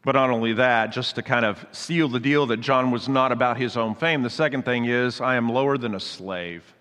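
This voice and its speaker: A man's voice: medium pitch, moderate pace, a bit bright. A man giving a conversational sermon as pastor, explaining scripture with casual asides. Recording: long hall reverb.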